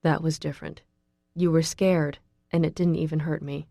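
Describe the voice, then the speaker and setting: A woman's voice: low-pitched, flat delivery, normal speed, vocal fry, dark tone, dry recording, clean studio sound. A woman voicing a cold, protective supernatural young man who speaks with plain, cool menace.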